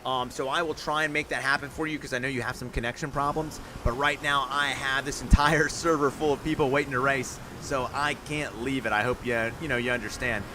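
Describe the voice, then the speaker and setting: A man hosting a live stream, calling viewers' monster truck runs and reading out scores in a chatty, upbeat way with excited outbursts. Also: medium pitch, fairly quick, few pauses, background noise. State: out of breath. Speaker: live stream host and announcer. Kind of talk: live-stream play-by-play commentary.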